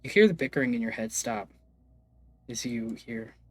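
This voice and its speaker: A man's voice: medium pitch, lively intonation, moderate pace, slightly rough. A man narrating a tabletop game as game master, hesitant and loose, with lots of fillers and the odd swear.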